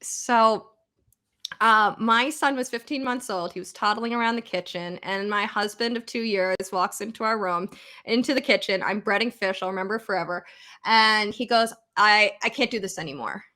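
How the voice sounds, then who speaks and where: A woman's voice: medium pitch, moderate pace, pushed and bright. An American woman in her thirties, a psychologist guest on a podcast, speaking candidly and conversationally as she retells her own thoughts. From United States. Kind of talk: podcast interview.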